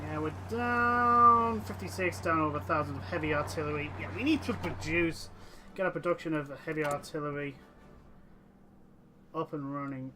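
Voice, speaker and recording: A man's voice: fairly high pitch, moderate pace, noisy background. A man commentating a strategy game let's play, talking to his units and to the nations in the game and getting exasperated with them. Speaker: gameplay commentator.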